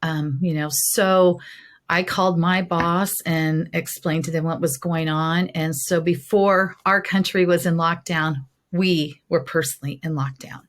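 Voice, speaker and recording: A woman's voice: lowish voice, steady tone, measured pace. A middle-aged woman, a guest in an interview, telling her personal testimony in an earnest, heartfelt way.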